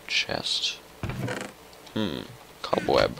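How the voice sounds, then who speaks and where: A young man giving casual, chatty commentary while playing a video game, muttering to himself and getting excitable. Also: deep voice, extremely slow, creaky, long pauses, background noise. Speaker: gaming YouTuber.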